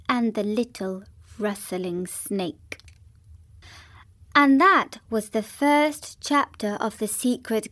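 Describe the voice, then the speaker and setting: A woman narrating a children's classic in a gentle, even storytelling manner, with a synthetic sound. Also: medium pitch.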